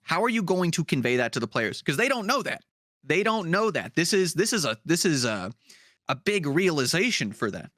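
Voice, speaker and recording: Playful, swearing young man, bright tone. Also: a little high, big pitch swings, moderate pace, no room sound, studio quality. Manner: laid-back, profane, playful. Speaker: podcast co-host. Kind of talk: casual chat.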